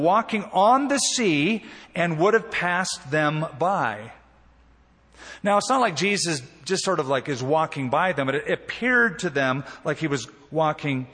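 A male pastor preaching a sermon in a church sanctuary, telling the story in an animated way with emphatic swings and quieter asides. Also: fairly high pitch, husky. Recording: reverberant church hall.

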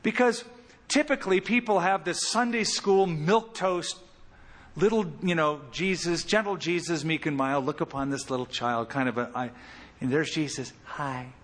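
A man preaching an expository sermon as pastor, animated, with big swings in pitch and loudness. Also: moderate pace, in a large hall.

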